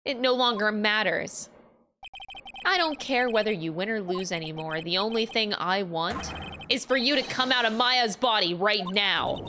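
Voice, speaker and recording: A woman voicing a calm, commanding woman lawyer spirit who speaks in a cold, measured way. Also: mid-range voice, noisy background, lightly acted. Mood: firm. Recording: game music behind.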